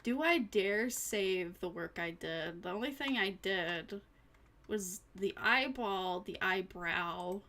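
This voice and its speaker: Bright-voiced tired woman streamer. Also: medium pitch, takes it slowly. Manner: tired, rambling, self-talking with little laughs. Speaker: vtuber streamer. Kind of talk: casual live-stream chat.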